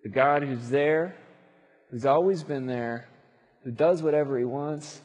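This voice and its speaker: Animated husky male preacher. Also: fairly high pitch, measured pace. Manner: animated storytelling with acted-out voices. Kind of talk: sermon. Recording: long hall reverb.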